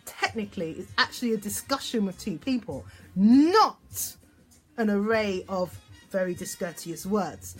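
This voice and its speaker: A woman therapist teaching about relationships in a lively, up-and-down voice, set a little higher than most. She keeps checking in with listeners and acts out example phrases, with faint music behind her. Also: husky. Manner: animated, checks in often with "okay?". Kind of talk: instructional talk on relationships.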